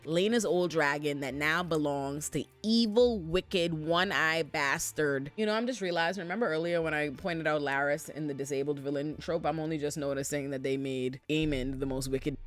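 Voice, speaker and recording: A woman giving casual TV recap commentary in an expressive, profane, slang-filled way. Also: low-pitched. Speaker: pop culture commentator.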